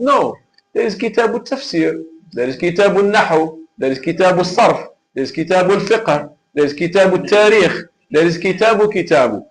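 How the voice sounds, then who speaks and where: A man's voice: high-pitched, poor audio. A man teaching an Arabic class live online, patient and repetitive as he drills examples.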